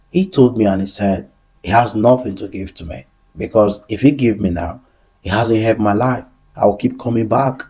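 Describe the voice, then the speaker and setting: A man's voice: fairly low pitch, warm tone, breathy edge. A young man hosting a business show, telling a personal story in an earnest motivational monologue that repeats key phrases. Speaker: business podcast host.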